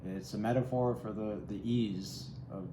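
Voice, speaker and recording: Man, tarot reader, reflective and musing, low mellow voice, echoey room, faint background hum. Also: steady tone, a little slow. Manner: musing, reflective, speaks directly to the viewer. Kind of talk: solo tarot reading.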